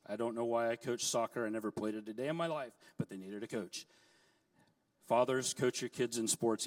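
A middle-aged man preaching a sermon, telling stories in a lively way with joking asides. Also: fairly high pitch, recorded from a distance. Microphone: handheld mic, set down at times.

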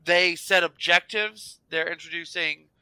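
A tired man with a fairly high, bright and smooth voice, recorded dry and close. He speaks haltingly, often groping for the right word. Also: steady tone, no echo. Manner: halting, searching for words. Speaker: teacher, podcast guest. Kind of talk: casual chat.

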